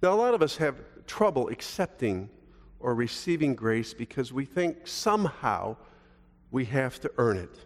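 Casting note: older male preacher, chatty and folksy, middle pitch, long hall reverb. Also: big pitch swings, moderate pace. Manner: conversational and folksy, asks the congregation questions. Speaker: pastor. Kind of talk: sermon.

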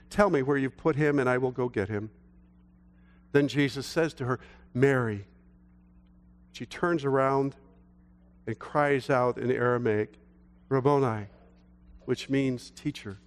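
A middle-aged male pastor preaching a sermon, telling a story and slowing down for emphasis. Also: fairly high pitch. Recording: long hall reverb.

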